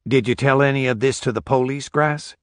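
A man's voice: medium pitch, fairly even intonation, fairly quick, no echo, studio quality, pitched above the performer's own voice, lightly acted. A man voicing an adult male reporter who asks friendly, offhand questions. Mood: casual.

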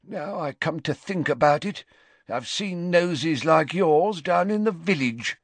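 A man's voice: high-pitched, sing-song, takes it slowly, bright, forceful tone, dry recording, voice pushed up, full character voice. A man reading an audiobook, voicing a hostile, aggressive old man who sneers at a visitor in a storybook. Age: older. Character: hostile, aggressive elderly male hermit.

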